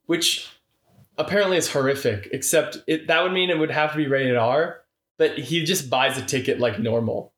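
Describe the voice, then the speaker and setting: A man's voice: medium pitch, normal speed, roomy sound. Man chatting animatedly on a podcast. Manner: animated, breaks into mock voices. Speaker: podcast co-host. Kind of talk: casual movie review chat.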